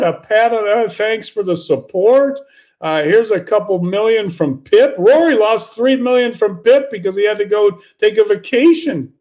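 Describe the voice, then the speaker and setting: A man's voice: high-pitched, moderate pace, darkish tone. An older man, a golf coach, ranting in incredulous exasperation, restarting and repeating himself with sarcastic laughs. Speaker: golf coach giving commentary. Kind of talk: animated opinion rant.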